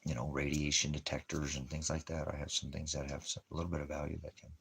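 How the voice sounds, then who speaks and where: A man with an extremely low, husky voice rambles in a casual monologue. He drifts between talking to his dog and musing aloud to the camera. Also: flat delivery, fast talker, a bit bright. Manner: rambling, talks baby-talk to his dog in bursts. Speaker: ministry vlogger.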